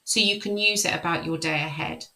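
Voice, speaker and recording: A woman life coach leading a guided tapping session. She speaks slow, repeated affirmations, then explains the method in a friendly way. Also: lowish voice, pushed and bright, low-quality recording.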